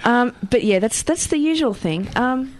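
A woman's voice: a little high, expressive, normal speed. A woman co-hosting a casual podcast chat, wry and teasing. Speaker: podcast co-host.

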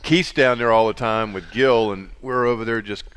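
A man's voice: fairly low pitch, normal speed, a bit bright, clear, resonant tone. A man co-hosting a casual radio chat, telling a travel story with acted-out quotes and laughter. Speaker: co-host.

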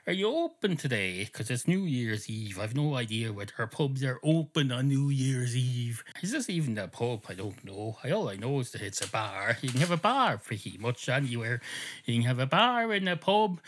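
A man's voice: mid-range voice, big pitch swings, moderate pace, fairly bright tone. Rambling man telling a shaggy-dog joke. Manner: meandering, absurd digressions. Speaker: podcast host. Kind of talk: rambling comic storytelling.

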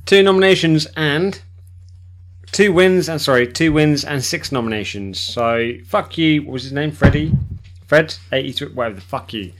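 A man co-hosting a casual podcast, joking and stumbling over words, swearing freely. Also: on the high side. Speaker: podcast co-host.

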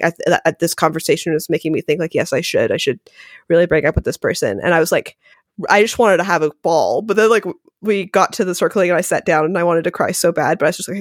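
In a laid-back conversational interview, a female podcast guest talks fast and animatedly, leaning heavily on the word "like." She has a lowish voice, captured in studio quality without any room sound.

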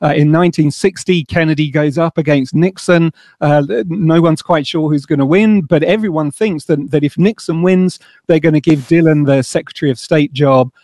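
A male historian talking as a podcast guest, voice sitting a bit high for a man, explaining events in a calm, measured way. The recording is dry and close. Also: no echo. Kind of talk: podcast interview.

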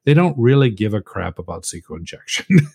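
A man's voice: fairly low pitch, big pitch swings, a little fast, darkish tone, husky. A middle-aged man, a hacker, chatting as a podcast guest and telling stories with a laugh. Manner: chatty storyteller, laughs often. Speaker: guest, hacker and conference organizer. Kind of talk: casual podcast chat.

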